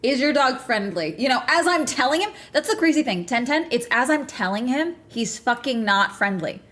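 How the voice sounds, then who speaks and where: A young adult woman streaming and chatting casually, telling stories in a profane, animated way with many restarts. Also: sits high, normal speed. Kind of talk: casual livestream chat.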